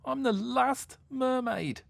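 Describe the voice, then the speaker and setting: A man's voice: wildly swooping pitch, moderate pace, gravelly, slightly rough, no echo, heavily acted. A man voicing a lonely young mermaid girl in a storybook reading, scornful and whiny. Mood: sobbing. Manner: scornful, whiny, high and loud.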